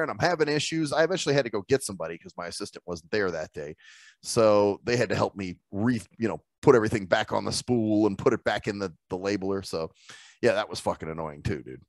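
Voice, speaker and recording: A man's voice: mid-range voice, vocal fry, no echo. Swearing, laughing man telling stories. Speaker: podcast co-host. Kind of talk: casual chat.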